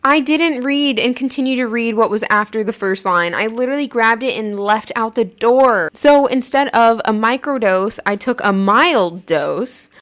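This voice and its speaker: With a mid-range, slightly bright voice, a woman running her own podcast shares a personal anecdote in an easygoing monologue, full of "like" and punctuated by laughter as she speaks.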